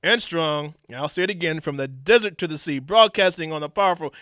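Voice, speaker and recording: Hyped radio host, booming announcer voice. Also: male voice, quick pace, a bit bright, dry recording, clean studio sound. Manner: booming, hyped announcer delivery in the opening, then loose and rambling with fillers. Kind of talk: casual radio talk show hosting. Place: radio studio.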